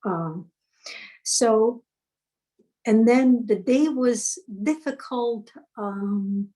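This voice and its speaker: Slow, deliberate woman coaching. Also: on the high side, dark tone, low-quality recording. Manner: storytelling with many fillers and restarts. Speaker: self-help coach. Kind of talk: unscripted teaching talk.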